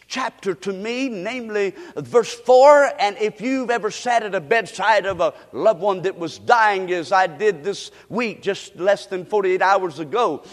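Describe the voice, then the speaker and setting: A man's voice: high-pitched, big-room sound. A man from the United States preaching a sermon, leading his congregation in call-and-response. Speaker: pastor.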